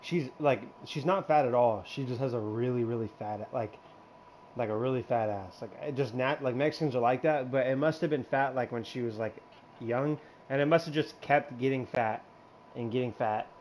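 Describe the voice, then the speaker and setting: A man's voice: mid-range voice, normal speed, a little mellow, slight background noise. A young man telling a crude story in casual chat, rambling with many fillers and restarts and laughing often. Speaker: regular in a hangout show.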